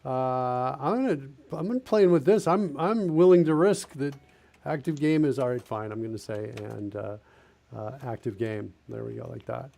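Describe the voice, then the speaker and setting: A man's voice: mid-range voice, normal speed, creaky, dark tone. A man streaming a live coding session, thinking aloud as he types and corrects himself. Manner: thinking aloud while typing, self-correcting. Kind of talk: casual live-coding narration.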